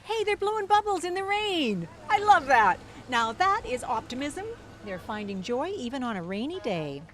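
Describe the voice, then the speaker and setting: A woman giving lively live commentary at an outdoor street parade, exclaiming at what passes by. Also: high voice, moderate pace. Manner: enthusiastic, exclaiming. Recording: music playing behind.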